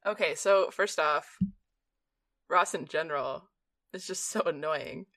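A woman's voice: sits low, measured pace, fairly bright tone. A young woman co-hosting a podcast in casual chat, giggly, reading out summaries. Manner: giggly, reads episode summaries. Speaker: podcast co-host.

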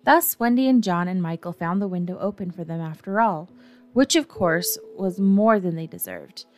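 A woman narrating a classic children's story gently, with a wry touch. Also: fairly low pitch, moderate pace, soft background music. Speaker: audiobook narrator.

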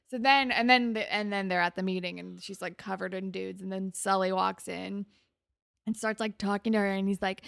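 A woman's voice: medium pitch, moderate pace, gravelly, fairly bright tone, no room sound, studio quality. A young woman casually recapping a TV episode with a co-host, chatty and sarcastic, full of "like". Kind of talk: casual chat.

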